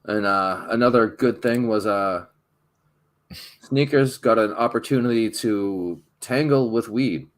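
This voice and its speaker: Low-voiced man making dry remarks. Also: measured pace. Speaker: podcast co-host. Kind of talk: casual chat.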